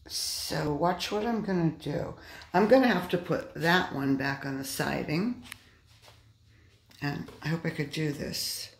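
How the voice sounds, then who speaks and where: A woman's voice: deep voice, unhurried. A woman giving a casual running commentary as she works a model train layout indoors, exasperated and muttering to herself. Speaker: model railroad hobbyist. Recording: echoey room with background noise.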